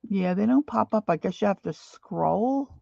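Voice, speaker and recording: A woman's voice: mid-range voice, expressive, moderate pace, vocal fry, dark tone, dry recording, dull audio. An older woman chatting casually while she paints live, rambling and reading viewer comments aloud. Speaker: painting instructor. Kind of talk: live painting stream chat.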